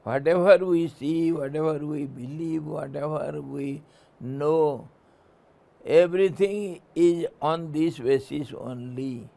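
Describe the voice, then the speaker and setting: A man giving a spiritual discourse, telling a story slowly and laughing often. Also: a little high, creaky. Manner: laughs often, slow, animated. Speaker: spiritual teacher.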